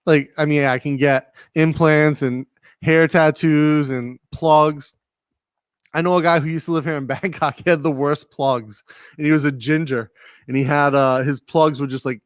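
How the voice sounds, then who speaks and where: Speaking in a clear, resonant, medium-pitched voice, this livestream host from Rhode Island, USA, has a slight New England accent. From his home studio he rambles in a laid-back way, talks straight to viewers, and reads their comments aloud. The recording is dry.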